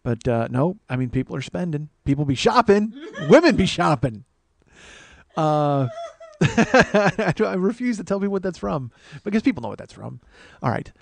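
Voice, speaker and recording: A man hosting a solo comedy podcast, rambling and self-mocking, swinging between loud outbursts and mumbled asides. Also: a little high, very animated, moderate pace, gravelly, no room sound. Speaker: podcast host.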